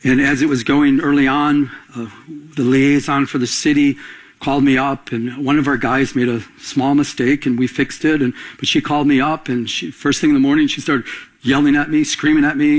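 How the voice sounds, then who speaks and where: On a low-quality recording, a pastor with a higher, fairly bright, breathy voice preaches quickly. He tells stories and calls for congregation responses in a call-and-response style that rises to emphatic peaks.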